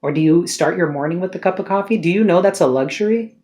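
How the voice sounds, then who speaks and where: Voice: mid-range voice, quick pace, darkish tone. A tarot card reader giving an emotional spiritual reading to camera, earnest and pleading, swearing casually and firing off rhetorical questions.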